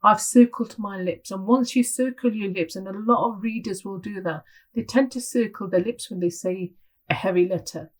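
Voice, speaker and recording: A woman's voice: medium pitch, normal speed, poor audio. Woman patiently teaching pronunciation. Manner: demonstrates sounds, patient explanations. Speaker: Tajweed teacher trainer. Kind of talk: instructional lesson.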